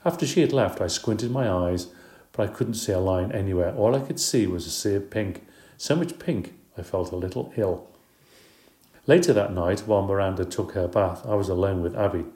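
A man's voice: deep voice, normal speed, dark tone, reverberant. A man narrating a children's story in the first person, in a light, chatty, playful way. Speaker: audiobook narrator.

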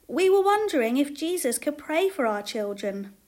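A woman's voice: high voice, big pitch swings, normal speed, darkish tone, voice pushed up. A woman doing a polite, hopeful mother. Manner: polite and earnest.

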